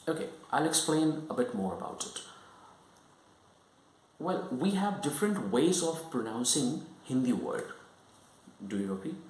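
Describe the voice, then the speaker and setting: A man giving a lesson, explaining slowly and often checking whether the listener follows. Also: lowish voice, reverberant, poor audio. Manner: repetitive, checks understanding often. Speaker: English teacher.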